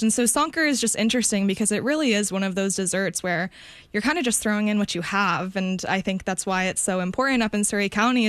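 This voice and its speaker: A woman radio producer narrating a news feature and talking in the studio in a clear, measured way. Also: mid-range voice, no room sound. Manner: clear, measured reporter delivery. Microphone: studio microphone.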